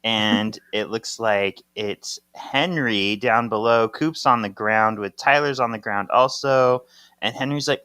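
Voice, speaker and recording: A man's voice: mid-range voice, unhurried, bright, forceful tone, clear, resonant tone, no echo. A man co-hosting a podcast, casually describing comic pages, laughing often and acting out quoted lines. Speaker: podcast co-host. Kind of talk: casual chat recapping a comic.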